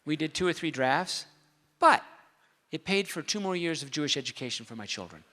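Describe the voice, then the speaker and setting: Man, comic storyteller on stage, high and bright, hall reverb. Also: a little fast. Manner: animated, comic storytelling with quoted voices. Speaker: speaker at a convention.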